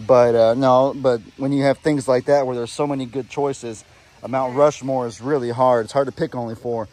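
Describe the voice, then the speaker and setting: A man's voice: medium pitch, fairly even intonation, moderate pace, a little mellow. Easygoing man vlogging on a farm. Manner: easygoing, rambling, Southern-style "y'all". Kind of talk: casual vlog chat. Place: outdoors on a farm among animals.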